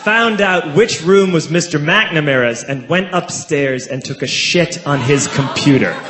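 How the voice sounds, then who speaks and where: A young man from the Chicago area, a stand-up comedian telling a story, animated and shouting his punchlines. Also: fairly high pitch, a little slow, crowd noise. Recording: echoey with loud background noise.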